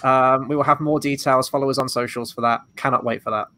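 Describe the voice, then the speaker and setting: A man's voice: medium pitch, fairly even intonation, quick pace, sharp tone, dry recording. A man co-hosting a film quiz, chatting in an enthusiastic, joking way. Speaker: co-host. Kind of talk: casual chat.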